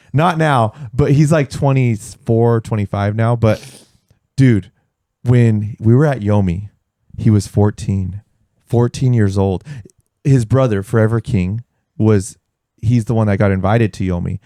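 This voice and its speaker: A man's voice: lowish voice, takes it slowly, dry recording, studio quality. Man, storytelling. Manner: animated storyteller, swears freely, acts out quotes. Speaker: podcast host. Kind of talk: casual podcast chat. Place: podcast studio.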